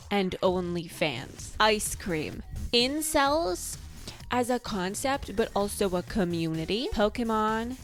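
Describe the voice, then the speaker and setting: A young woman casually recapping a novel with wry, playful asides. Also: mid-range voice. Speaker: book recap vlogger.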